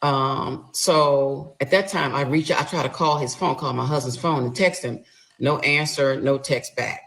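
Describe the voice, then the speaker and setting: A woman's voice: a bass voice, moderate pace, creaky, low-quality recording. A middle-aged woman from the Atlanta area, casually telling her story to viewers and acting out both sides of the argument. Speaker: storyteller recounting her marriage.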